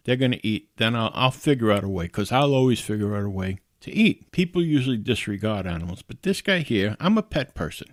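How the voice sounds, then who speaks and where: Man, mid pitch, casual storyteller, dry close sound. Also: no room sound. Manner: conversational, chuckles while telling a story. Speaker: podcast host.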